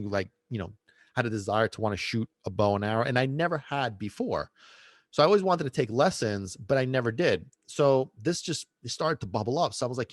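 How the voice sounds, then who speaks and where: A man's voice: mid-range voice, no room sound, clean studio sound. Rambling man telling a casual story. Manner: rambling, with frequent restarts and asides. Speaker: podcast host and dog trainer.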